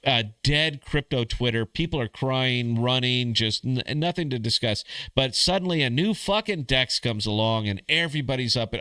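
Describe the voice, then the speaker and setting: A man's voice: medium pitch, expressive, normal speed, few pauses, pushed and bright, clear, resonant tone, no echo. A man hosting a podcast in a crude, sardonic casual rant, calling listeners "man" and "brother". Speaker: podcast host.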